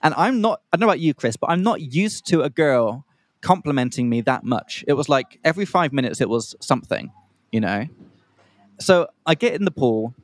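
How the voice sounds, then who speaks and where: A man's voice: medium pitch, big pitch swings, moderate pace, no echo. A young man co-hosting a podcast for English learners, telling a rambling story in a casual way, stopping to explain slang and acting out the other voices. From Australia. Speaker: podcast co-host.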